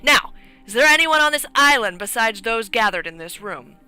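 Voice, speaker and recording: A woman's voice: a little high, expressive, normal speed, bright, forceful tone, clear, resonant tone, no echo, faint music behind, voice pushed up. Stern, commanding male detective, voiced by a woman. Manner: clipped, commanding. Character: stern, determined male police inspector.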